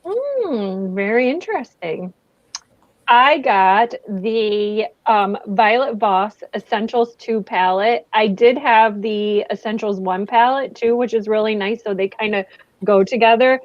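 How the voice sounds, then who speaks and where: A woman's voice: medium pitch, measured pace, dry recording. Easygoing woman, dull dry recording. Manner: easygoing, agreeable, backchannels a lot. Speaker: beauty channel co-host. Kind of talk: casual chat product review.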